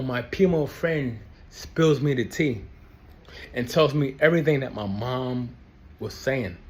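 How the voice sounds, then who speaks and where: A young man ranting to camera about his family, angry and profane, repeating himself for emphasis. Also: mid-range voice. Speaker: ex-Jehovah's Witness vlogger. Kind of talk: heated personal rant to camera.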